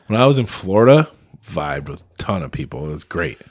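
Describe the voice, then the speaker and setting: Teasing man with a lively, dry voice. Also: low voice, a little fast, dry recording. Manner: teasing, ribbing banter. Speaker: podcast co-host. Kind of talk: casual chat.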